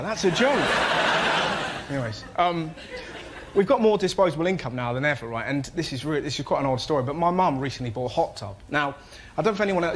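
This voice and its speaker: A young man doing a cheeky, animated stand-up routine as a panelist, with sudden yelps in his telling. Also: fairly high pitch. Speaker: comedian panelist. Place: TV studio with live audience. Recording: loud studio audience laughter and noise.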